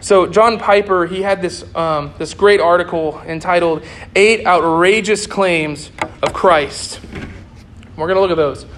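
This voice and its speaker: A man's voice: sits high, fairly bright tone, slight background noise. A young man preaching a sermon in an earnest way, repeating key phrases for emphasis.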